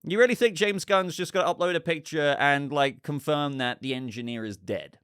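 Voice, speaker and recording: A man voicing an overexcited male fan, shrill and disbelieving, shrieking in panic. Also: moderate pace, fairly bright tone, smooth, no echo, studio quality, close to an everyday voice. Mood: panicked. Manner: shrieking, incredulous.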